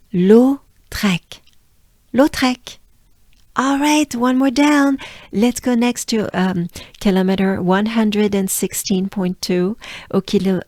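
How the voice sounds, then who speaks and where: A woman from France with a French accent, coaching pronunciation by slowly repeating and exaggerating each sound. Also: mid-range voice, a little mellow, no room sound, clean studio sound. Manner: drills words slowly with exaggerated repetition. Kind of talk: slow pronunciation lesson.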